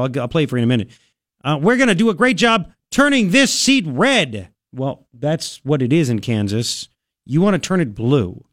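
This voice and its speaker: A man hosting talk radio, his voice sitting fairly high for a man. He talks emphatically, repeats himself and throws in quick asides. The studio sound is close and dry. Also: fairly bright tone, no echo. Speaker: radio talk show host. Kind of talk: talk radio monologue with live ad read. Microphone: studio microphone.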